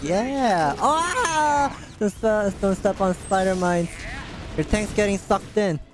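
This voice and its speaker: A man with a Korean accent coaching a player live, giving brisk, directive instructions and chuckling between them. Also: high voice, animated, over music.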